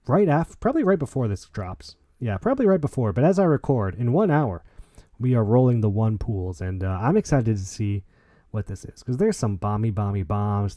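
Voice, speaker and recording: A man hosting a gaming league podcast, chatting in an excitable, jokey way with lots of restarts. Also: mid-range voice, dry recording, studio quality. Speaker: podcast host. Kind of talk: casual podcast chat and wrap-up.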